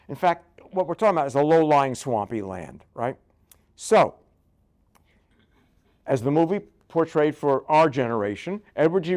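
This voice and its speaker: An older man, a rabbi, giving a conversational Bible lecture full of jokes and asides, often checking in with "right?". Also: fairly high pitch. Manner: joking, keeps asking "right?".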